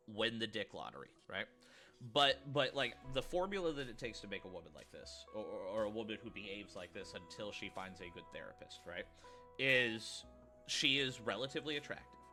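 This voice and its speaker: Bright-voiced stammering man ranting. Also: lowish voice, lively intonation, normal speed, soft background music. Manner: stammering, repeats words, rants. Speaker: reaction commentator. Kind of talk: ranting reaction commentary.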